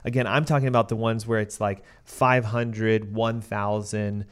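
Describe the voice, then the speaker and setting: A man's voice: on the low side, normal speed, clean tone. Man explaining health topics on a podcast. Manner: explanatory, steady lecturing tone. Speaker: podcast co-host, doctor.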